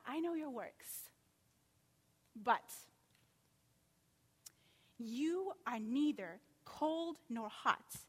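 A woman preaching a sermon, animated and full of rhetorical questions, acting out quotes as she goes. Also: high voice, long reverb tail.

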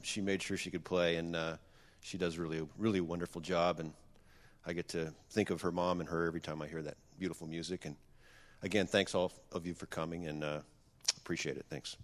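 Husband saying thanks at a memorial, real deep voice, lots of uhs. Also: male voice, level tone. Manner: halting, many uhs. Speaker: son-in-law at a memorial. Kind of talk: brief spoken thanks at a memorial.

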